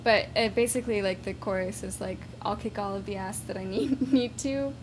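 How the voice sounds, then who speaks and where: A woman musician as a guest, talking in a soft, thoughtful, giggly way with many fillers, interviewed at home late at night. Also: medium pitch, a little fast. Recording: noisy home recording.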